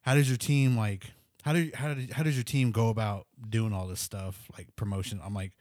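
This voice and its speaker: A man with a lowish voice rambles through a casual chat, full of fillers and restarts. He is close to the mic, with a dry sound. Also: steady tone, a little fast, darkish tone, dry recording. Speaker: musician guest.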